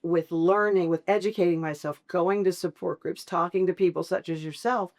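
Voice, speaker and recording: A middle-aged woman with a fairly low voice shares her caregiving life as a guest in an interview. She tells it like a storyteller, bursting into high-pitched quoted voices now and then before settling back into easy conversation. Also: moderate pace. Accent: Southern American. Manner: animated storyteller, acts out quoted voices with big pitch jumps.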